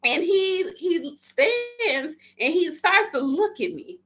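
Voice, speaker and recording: In a very high, very animated voice at a slow pace, a thirtysomething midwife from around Miami shares her story as a podcast guest. The interview is casual, and she dramatizes her own past thoughts and conversations. The recording sounds slightly dull and lo-fi.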